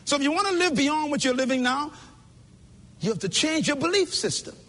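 A man's voice: extremely high pitch, expressive, brisk, fairly bright tone. A man giving an emphatic, preacher-like motivational speech at a conference, speaking directly to the audience, recorded in a reverberant hall.

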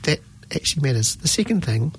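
Husky, slightly high middle-aged New man; chatty radio host, animated. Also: fast talker. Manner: chatty, animated, exclaims often. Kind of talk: casual radio chat. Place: radio studio.

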